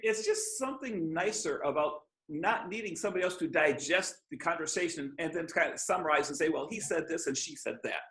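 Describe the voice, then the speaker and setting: A man's voice: a little high, a little fast, few pauses. Earnest storytelling man from Michigan. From Michigan, USA. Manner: earnest storyteller, animated quotes. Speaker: author and missionary preacher. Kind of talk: casual interview over a call. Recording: echoey room.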